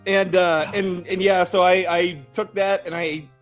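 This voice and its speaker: A man's voice: high voice, flat delivery, unhurried, faint music behind. A man calling in to a live show, telling a story about himself in a sheepish, amused way. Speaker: caller. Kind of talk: phoned-in confession story.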